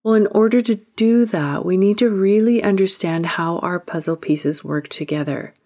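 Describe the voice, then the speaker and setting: A woman's voice: mid-range voice, normal speed, warm tone. A woman hosting a self-help podcast, speaking earnestly and emphatically, sometimes dropping to a whisper for emphasis. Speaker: podcast host. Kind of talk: motivational self-help talk.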